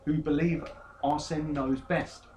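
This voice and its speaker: Man, podcast host, jokey and teasing, fairly high voice, faint hiss. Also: flat delivery, slow. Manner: jokey, teasing, reads out player news. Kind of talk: casual football chat.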